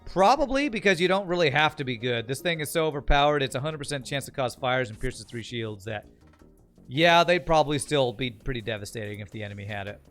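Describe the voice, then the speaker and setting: A man's voice: mid-range voice, lively intonation, a little fast, a bit bright, soft background music. A man streaming a strategy game, chatting casually, joking and thanking viewers as he plays. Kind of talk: casual live-stream commentary.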